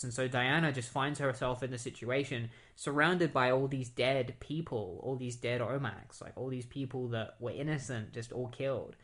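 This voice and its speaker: A man's voice: mid-range voice, fairly bright tone. A young man with a mid-range voice recaps comics in a loose, casual way. He rambles and leans heavily on "like" and "um" as he goes. The tone is an easygoing podcast chat. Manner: rambling, fillers, says "like" a lot. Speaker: podcast host.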